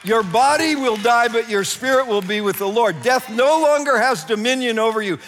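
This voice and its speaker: A man preaching a sermon with animated delivery, often laughing and crying out. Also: very high-pitched, moderate pace, long reverb tail, faint music behind. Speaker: pastor.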